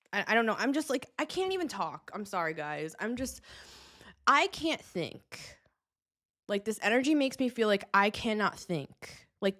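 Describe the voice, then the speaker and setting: A woman hosting a casual tarot reading vlog, rambling and agitated, swearing and laughing as she talks. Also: mid-range voice. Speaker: tarot reader, show host.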